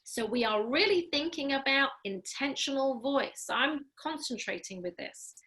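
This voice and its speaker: Over a video call from home, a female speech-language pathologist leads a group through voice exercises in a live online class. Her slightly high voice is bright, forceful and animated. She instructs in a clear, deliberate way, staying upbeat and encouraging throughout.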